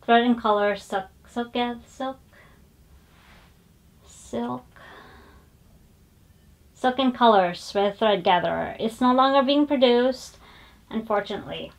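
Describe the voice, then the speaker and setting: A woman with a slightly high voice and vocal fry talks slowly, with long pauses, as she presents her finished cross-stitch pieces on a flosstube vlog. Her casual chat is digressive, full of fillers and self-corrections.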